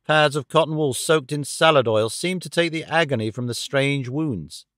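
A man narrating a classic detective audiobook with a measured storytelling delivery. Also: mid-range voice, fairly bright tone, dry recording, studio quality.

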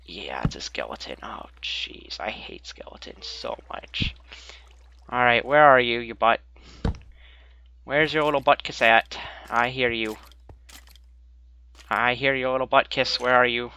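A man giving jokey let's-play commentary while gaming, talking to himself and swinging between mumbles and excited shouts. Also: medium pitch, unhurried, long pauses, clear, resonant tone, no echo. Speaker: gameplay commentator. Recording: dull lo-fi mic.

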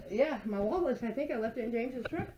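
A woman's voice: on the high side, animated, quick pace, mellow, echoey room, lo-fi sound. A woman, the vlogger's mother, chatting casually outdoors, affectionate and fussing. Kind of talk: casual chat. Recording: camera audio with clear background noise.

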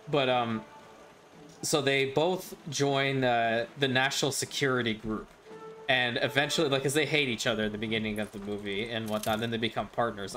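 A man of middling pitch rambles through casual gameplay commentary, drifting between topics with lots of "uh"s and small laughs. Faint game music plays softly underneath his voice. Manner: rambling, with frequent fillers and chuckles. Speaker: gaming channel host.

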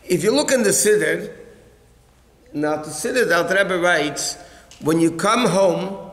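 A man's voice: high-pitched, measured pace, a bit bright. A man, a rabbi, teaching a religious law class in a conversational, explanatory way and fielding questions from listeners. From United States. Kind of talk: halacha class lecture. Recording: echoey hall.

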